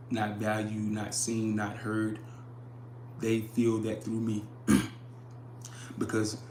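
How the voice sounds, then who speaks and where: A young man hosts a casual livestream, speaking earnestly in a low, level voice. He circles back, repeating phrases as he reads chat comments aloud. The sound is roomy with echo, over faint background noise. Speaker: livestream host.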